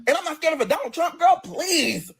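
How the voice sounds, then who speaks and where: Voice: extremely high pitch, very animated, brisk, creaky. A person ranting on a livestream in a combative, profane, sassy way, straight into a phone.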